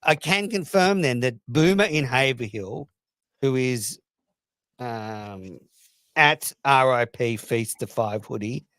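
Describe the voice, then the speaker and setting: A man hosting a casual live show, rambling and reading posts aloud with quick asides. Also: mid-range voice, a bit bright, smooth, dry recording. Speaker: podcast host.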